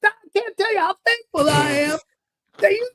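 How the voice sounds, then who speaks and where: A high, swooping voice of an older man, around sixty-five, who cannot stop thanking and pleading, put on by a man telling a story. He repeats every line, pushy and needy, climbing up in pitch as he begs. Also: lively intonation, moderate pace, pushed and bright, no echo, clean studio sound, heavily acted. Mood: gushing thanks. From upstate New York. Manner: repetitive, pleading, over-thankful. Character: effusive grateful older man, about 65.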